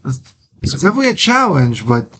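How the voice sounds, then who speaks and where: A man from Wisconsin, a stage actor guest in a casual interview, cheerful and quick to laugh. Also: medium pitch, big pitch swings, fairly bright tone, a little hiss or hum.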